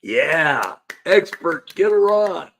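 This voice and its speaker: A man's voice: fairly high pitch, big pitch swings, slow pace, a bit bright, a little hiss or hum. A man hosting a casual live-stream panel show, laid-back and chuckling as he coaxes guests to join. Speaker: livestream show host.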